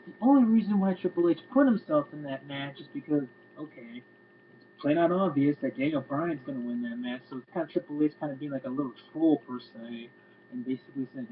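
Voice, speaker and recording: A man giving a casual, rambling video review, sounding exasperated and swearing freely. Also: a little high. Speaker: wrestling reviewer. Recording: tinny lo-fi home recording with faint hum.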